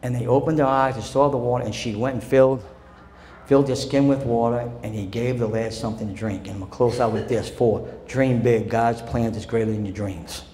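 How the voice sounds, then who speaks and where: Male pastor preaching a sermon. He is fervent and swings between loud and soft, and it is recorded in a church with a long echo and faint noise. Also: mid-range voice, steady tone, brisk. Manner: impassioned preaching that swings from loud declarations to quiet storytelling. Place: church sanctuary.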